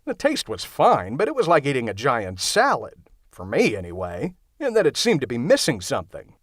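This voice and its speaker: A man's voice: medium pitch, wildly swooping pitch, normal speed, no echo. A man narrating a comic horror audiobook in the first person, wry and sarcastic in a conversational way. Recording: dry close studio sound.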